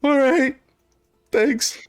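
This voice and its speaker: A man voicing a timid, nervous young male elf who pleads in a high, flustered voice. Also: very slow, no room sound, studio quality, faint music behind, full character voice. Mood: pleading.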